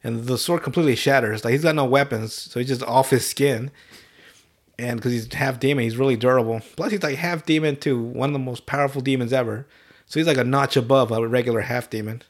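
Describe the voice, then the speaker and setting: A man chatting casually about an anime he watched as a kid, cursing freely as he tells it. He keeps dropping into short voiced bits for the characters. His voice sits in an ordinary middle pitch. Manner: profane, animated retelling with quick voiced asides. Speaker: podcast host. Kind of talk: casual chat, recapping an anime.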